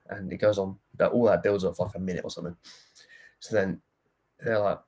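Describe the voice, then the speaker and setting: Husky man telling a story. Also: sits low, brisk. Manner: animated storytelling, acting out quotes. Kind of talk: casual podcast chat.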